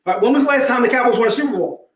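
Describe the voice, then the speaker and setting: Energetic male livestream host, high-pitched, jokey patter, roomy echo. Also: rapid-fire. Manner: energetic, joking, repeats "all right". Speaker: livestream host selling comic packs. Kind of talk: casual sales livestream chat. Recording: echoey room.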